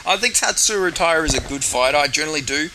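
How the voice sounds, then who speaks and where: A man's voice: on the high side, animated, quick pace, noisy background. A man giving casual fight predictions in a rambling way, swearing often. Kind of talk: casual chat.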